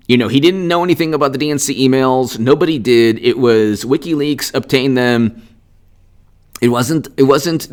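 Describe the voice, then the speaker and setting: Combative man ranting on politics. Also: medium pitch. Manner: sarcastic. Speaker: political commentator. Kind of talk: unscripted political commentary.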